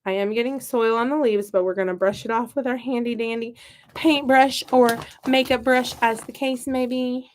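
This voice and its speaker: A woman's voice: on the high side, steady tone, normal speed. Chatty Midwestern woman, rambling. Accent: Midwestern American. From American Midwest. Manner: chatty, rambling, self-mocking. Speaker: gardening vlogger. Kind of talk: casual chat while working.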